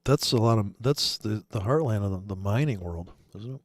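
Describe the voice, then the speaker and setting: A man's voice: lowish voice, animated, moderate pace, no echo, studio quality. A man from Michigan chatting casually, joking and rambling with many restarts. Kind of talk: casual chat.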